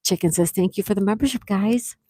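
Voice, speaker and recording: A woman's voice: medium pitch, fairly quick, no echo, studio quality. Gushing woman reading live chat. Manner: excited, gushing thanks, frequent gasps. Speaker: livestream host.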